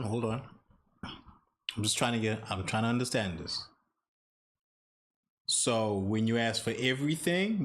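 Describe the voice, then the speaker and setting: Brief: Zimbabwean-accented guy, lively swooping delivery, jokey mock-apologetic reaction host. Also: medium pitch. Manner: playful, teasing, mock-apologetic. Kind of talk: comedic reaction commentary.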